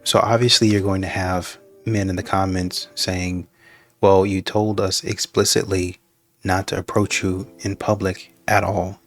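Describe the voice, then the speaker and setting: Lower-voiced man giving blunt commentary. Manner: blunt, wry, acts out both sides. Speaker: reaction video host. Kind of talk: commentary on clips.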